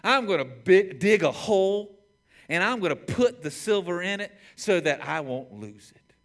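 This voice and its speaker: A man's voice: high-pitched, big pitch swings, moderate pace, voice pushed up. A pastor voicing a frightened, lazy male servant who pleads nervously with his master. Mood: scheming.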